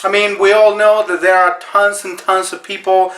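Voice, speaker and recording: A man hosting a deadpan mock tutorial, earnest and full of fillers. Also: high voice, normal speed, echoey room. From Mexico. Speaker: comedy video host.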